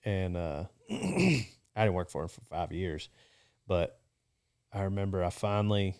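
A man in casual conversation, relaxed and reflective, recalling a nervous phone call with a boss and using lots of "you know.". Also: sits low, measured pace, creaky, smooth. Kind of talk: casual chat.

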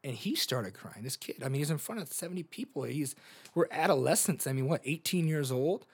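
A man's voice: on the high side, animated, brisk, husky. A man in his thirties hosting a podcast, telling personal stories in an earnest, open-hearted way. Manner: earnest, open about feelings, storytelling with fillers. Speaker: podcast host. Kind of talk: personal reflective monologue.

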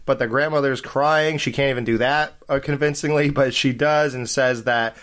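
A man's voice: medium pitch, steady tone, moderate pace, fairly bright tone. A man in casual movie chat with friends, rambling and laughing often.

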